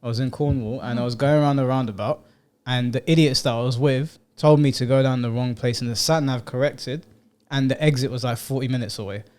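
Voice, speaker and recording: A man's voice: mid-range voice, brisk. A young man, co-hosting a podcast and telling stories bluntly and with lots of swearing. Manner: blunt, swearing, animated storytelling. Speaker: podcast co-host. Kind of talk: casual chat.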